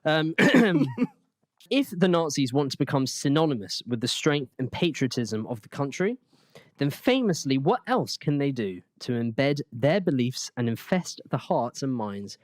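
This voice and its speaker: A man's voice: medium pitch, measured pace, dry recording. Guy on a history pod, giggly, voice jumps all over, dry mic. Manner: giggly, animated, breaks into laughter. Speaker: podcast host. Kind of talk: casual comedic history chat.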